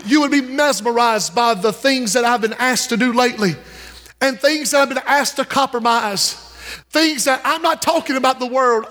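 A man's voice: very high voice, a bit bright. A man preaching a sermon, fervently calling out to his congregation as he builds his points. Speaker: pastor. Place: church sanctuary. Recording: reverberant church hall.

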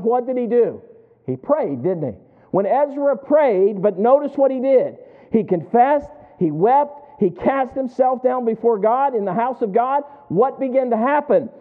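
A man preaching a sermon to his congregation, asking them questions and waiting for answers back. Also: sits high. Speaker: pastor. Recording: tinny phone-like sound.

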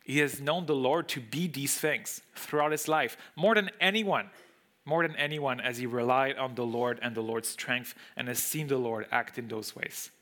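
A man's voice: mid-range voice, fairly even intonation, normal speed, few pauses, a bit bright. A man speaking English as a second language, preaching an expository sermon to a room, emphatic and full of rhetorical questions. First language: not English. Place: room with a congregation.

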